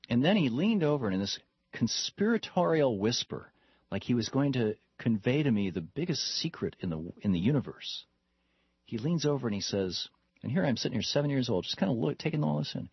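A man's voice: medium pitch, big pitch swings, a little fast, slightly rough, no echo, dull audio. A man from Michigan hosting a call-in talk radio show, telling stories in a rambling way with many restarts. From Michigan, USA. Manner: rambling, storytelling with frequent restarts.

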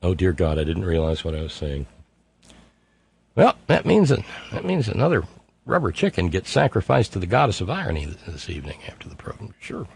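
A man's voice: low voice, very animated, brisk, gravelly, slightly rough. A middle-aged man hosting a call-in radio show, sardonic, reading listener messages aloud in mocking voices. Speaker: radio talk show host.

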